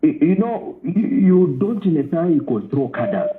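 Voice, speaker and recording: Male caller, emphatic, animated delivery, phone-quality sound. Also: on the high side, moderate pace. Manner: emphatic, repeats words while explaining. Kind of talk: call-in radio talk. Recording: tinny phone line.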